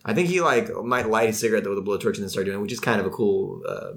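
A man's voice: fairly low pitch, lively intonation, very fast, a bit bright. A man co-hosting a podcast in casual chat, rambling with lots of fillers. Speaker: podcast co-host.

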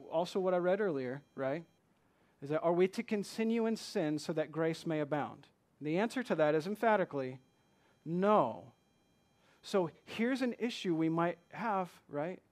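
A man preaching a sermon, slowing to read scripture and building to emphatic rhetorical questions. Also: high-pitched, expressive, a little mellow. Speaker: pastor.

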